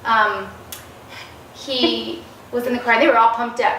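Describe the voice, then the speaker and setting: A woman's voice: on the high side, steady tone, a little slow, a bit bright. A woman guest in a casual interview, telling stories animatedly and acting out the quoted dialogue. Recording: roomy, distant mic, faint noise.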